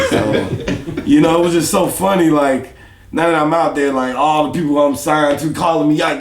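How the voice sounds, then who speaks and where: A man, a rapper guest in an interview, telling stories in a casual, animated way with lots of laughter. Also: a little high, brisk, vocal fry, reverberant. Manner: animated, laughing storyteller who acts out other people's lines.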